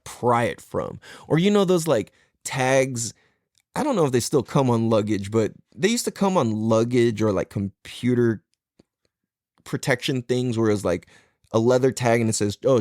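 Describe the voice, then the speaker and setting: A man's voice: medium pitch, darkish tone, no room sound, studio quality. A man hosting a podcast, retelling an experience in a casual, profane monologue and laughing often. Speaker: podcast host.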